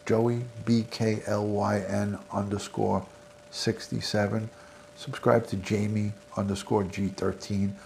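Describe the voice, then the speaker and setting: Low gravelly new york guy doing chat shout-outs on his stream, rambly and friendly. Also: little pitch movement, unhurried, slight background noise. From American South. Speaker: livestream host. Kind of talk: casual livestream sign-off chat.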